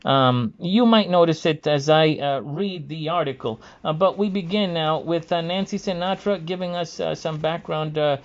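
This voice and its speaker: A man talking casually in a hesitant, halting monologue, pausing often as he gathers his thoughts. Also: a little high. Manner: halting, hesitant, frequent pauses. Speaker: video creator. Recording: dull lo-fi recording.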